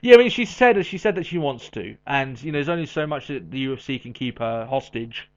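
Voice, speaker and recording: Lively podcast man, dull lo-fi sound. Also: medium pitch. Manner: animated, quick asides, laughs often. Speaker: podcast co-host. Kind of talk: casual chat. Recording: dull lo-fi audio.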